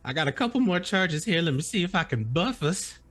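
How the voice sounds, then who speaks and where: A man at a tabletop game, describing his character's magic with playful energy. His pitch jumps around a lot as he talks. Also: sing-song, a little fast, fairly bright tone, faint music behind. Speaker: player.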